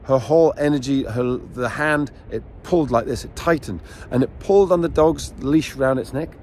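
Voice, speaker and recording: A middle-aged man, a dog trainer, teaching outdoors near a beach in a casual, animated storytelling way. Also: mid-range voice, moderate pace, a little hiss or hum. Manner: animated storyteller, acts out scenes. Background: faint outdoor ambience with waves.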